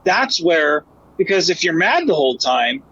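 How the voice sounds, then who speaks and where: A man co-hosting a podcast in casual chat, animated and acting out characters' lines in a raised voice. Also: on the high side, normal speed, highs cut off, slight background noise. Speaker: podcast co-host.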